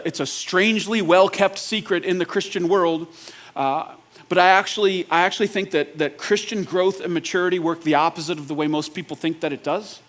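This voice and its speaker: A male pastor preaching a sermon in a casual, joking, conversational way, often checking in with the congregation with quick questions. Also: high voice, a bit bright. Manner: asks the audience rhetorical check-ins.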